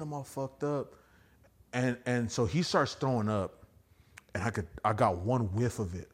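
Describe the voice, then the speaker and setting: A young man, a stand-up comic guesting on a podcast, telling wild party stories in a rambling, profane, animated way. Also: mid-range voice, moderate pace. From Houston area. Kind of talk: casual storytelling chat.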